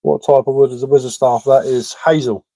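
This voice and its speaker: An English woodcarver with a West Sussex–London accent runs a casual live stream, responding to what viewers write. His voice is medium-pitched, steady, brisk and mellow, and he speaks in a chatty, matter-of-fact way, often repeating words and saying um. The recording is dry and rough.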